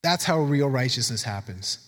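A man preaching a sermon, reading scripture aloud with earnest, animated emphasis. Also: mid-range voice, normal speed, big-room sound. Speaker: pastor.

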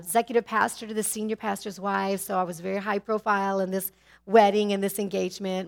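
A middle-aged woman sharing a personal faith testimony, candid and animated, with sudden drops to a hushed tone. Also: medium pitch, creaky.

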